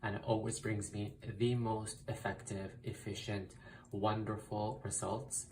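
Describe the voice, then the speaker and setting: Low-voiced man, emphatic and insistent. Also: little pitch movement, a little slow, darkish tone, far from the mic, a little hiss or hum, low-quality recording. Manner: emphatic, repetitive, uses mild swearing. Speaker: spiritual content creator. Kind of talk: casual instructional vlog.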